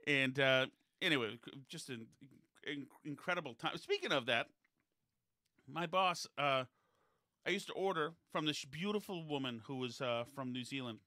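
A man's voice: mid-range voice, animated, moderate pace, sharp tone, no echo, clean studio sound. A man in casual podcast chat, telling digressive, chatty anecdotes.

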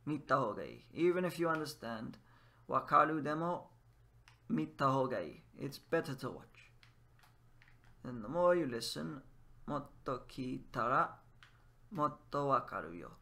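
He has a mid-range voice that's a bit bright. A language teacher playing a game, he gives casual commentary while trying Japanese phrases and explaining them in English, musing aloud as he switches between the two.

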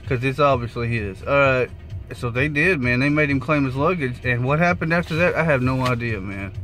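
A man telling a rideshare story in a casual vlog, animated and swearing freely as he acts out the quotes. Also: medium pitch, fairly quick, soft background music. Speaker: rideshare driver vlogger.

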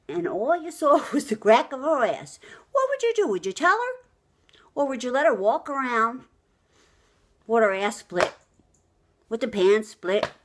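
A brash middle-aged woman chatting straight to the camera, gossiping and ranting for laughs. Her voice sits high and leaps up and down, shooting even higher on outraged questions. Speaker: vlogger telling the news. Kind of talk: chatty comic monologue to camera.

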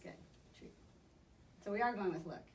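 A woman dog trainer giving brisk, encouraging hands-on coaching to a student. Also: medium pitch, heavy background noise. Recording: echoey room, mic at a distance.

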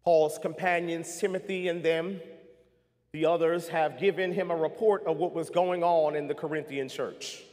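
A male pastor delivers a sermon in a church sanctuary, his voice sitting high for a man. He builds to rising, urgent stretches and then sinks to quiet, low asides, inviting the congregation to repeat after him. A long hall reverb trails every phrase. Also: steady tone, moderate pace. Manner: call-and-response preaching, rising and falling in intensity.

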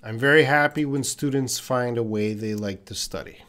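Man drilling English pronunciation live. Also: medium pitch. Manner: repeats phrases slowly for pronunciation drills; relaxed, thinks aloud with fillers. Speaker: English teacher. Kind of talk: live-streamed lesson answering chat comments.

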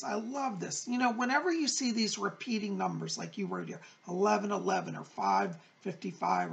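Gravelly-voiced man answering psychic letters. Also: high-pitched. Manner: gentle, reassuring, chatty with fillers. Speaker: psychic medium host. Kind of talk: answering viewer letters on camera.

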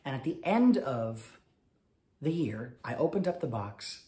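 A man, a cabaret singer, giving chatty stage patter between songs and telling a story quickly, with many fillers. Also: medium pitch, big pitch swings. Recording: roomy sound over loud piano.

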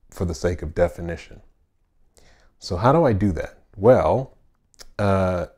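A man hosting his own channel, giving a casual, friendly bass lesson with fillers and asides from a home studio. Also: a little mellow. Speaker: bass teacher and channel host. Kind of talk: casual instructional talk.

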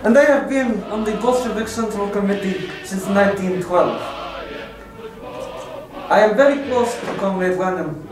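A young male student playing a stern, ambitious male Soviet party leader in a classroom role-play, speaking slowly and formally. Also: sits high, distant mic, close to an everyday voice. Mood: solemn. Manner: slow, measured, formal. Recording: echoey classroom from afar with music.

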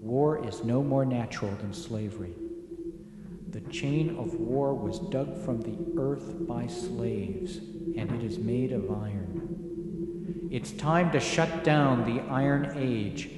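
A man voicing the ghost of an old statesman, speaking softly with quiet authority. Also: medium pitch, slow pace, natural voice. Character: ghostly old male statesman, tall, grave, commanding. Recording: echoey with steady background noise.

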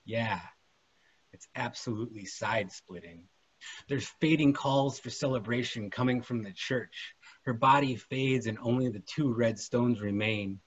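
A man reading his fiction aloud at a literary event, with expressive, dramatic delivery. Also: mid-range voice, normal speed, breathy edge. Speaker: featured author. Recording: muffled lo-fi recording.

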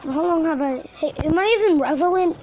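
A woman's voice: extremely high pitch, brisk. A woman hosting her own gaming channel, giving rambling, filler-heavy, crude, joking let's-play commentary. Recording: dull lo-fi recording with faint music.

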